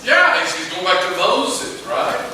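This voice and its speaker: A Texan man preaching in a church, folksy and animated, often turning to ask the congregation questions. His somewhat high voice comes from a distance and echoes strongly around the room, with a steady hum of noise behind it. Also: a little slow. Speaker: pastor. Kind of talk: sermon. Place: church sanctuary.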